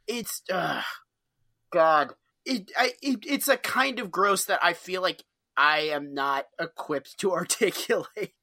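A woman's voice: lowish voice, expressive, measured pace, bright, forceful tone, no echo, studio quality. A woman in casual comedic podcast chat, riffing on a TV episode with profanity and disgust. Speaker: podcast co-host.

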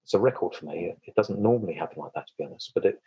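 A man's voice: deep voice, animated, very fast, mellow, slightly rough, no room sound, highs cut off. A man talking as a podcast guest about self-defense and trauma, rambling with frequent restarts. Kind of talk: casual interview chat.

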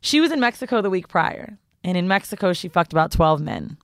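A woman's voice: on the low side, sing-song, fairly quick, dry recording. Profane storytelling woman, dry close sound. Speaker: podcast co-host. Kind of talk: casual storytelling chat.

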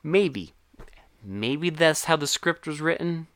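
A man's voice: fairly high pitch, animated, slow, a bit bright, clear, resonant tone, dry recording, studio quality. A man co-hosting a casual movie-recap podcast, wry and profane, quoting characters and his own reactions. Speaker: podcast co-host.

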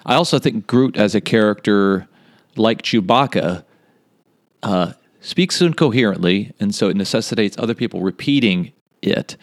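A man's voice: lowish voice, expressive, normal speed, no room sound, clean studio sound. A man hosting a podcast, chatting casually and rambling with fillers and restarts. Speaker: podcast host.

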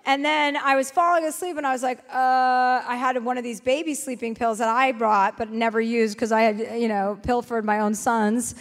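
A woman with a high, bright-pitched voice tells a rambling comic anecdote in a conversation. She's animated and profane, laughing as she goes. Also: moderate pace, hardly any pauses. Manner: animated, profane, laughs through her story. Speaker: interview guest.

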